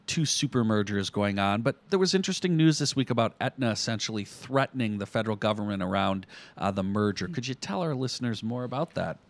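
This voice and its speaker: A man's voice: lowish voice, animated, fast, no room sound. A man hosting a political podcast, laid-back and joking as he leads the talk. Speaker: host. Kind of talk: casual podcast chat.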